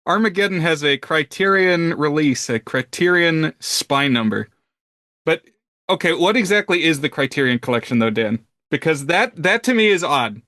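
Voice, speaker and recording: Thirtysomething guy cohosting a movie podcast, bright voice, dead dry sound, kinda teasing. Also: a little high, lively intonation, moderate pace, dry recording. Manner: chatty, teasing, hesitant restarts. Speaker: podcast co-host. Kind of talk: casual film podcast chat.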